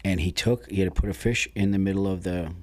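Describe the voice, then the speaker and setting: Man, deep voice, casual podcast talk, blunt, swears a lot. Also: fairly even intonation, fast, a little mellow. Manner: swears freely, many restarts, candid storytelling. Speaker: podcast guest. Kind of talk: casual conversation.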